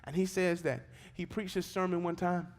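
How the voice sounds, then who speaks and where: A man preaching a sermon in church, moving between relaxed storytelling and fervent exhortation. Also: sits high, moderate pace. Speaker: pastor. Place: church service.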